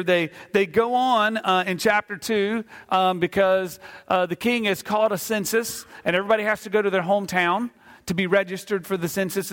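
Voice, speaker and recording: A man preaching a sermon with a fairly high voice, telling the story in a loose, conversational way. He acts out the voices of the figures as he goes. His voice rings with long reverb in a church hall. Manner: animated storytelling, acting out voices of biblical figures; conversational with fillers. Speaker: pastor.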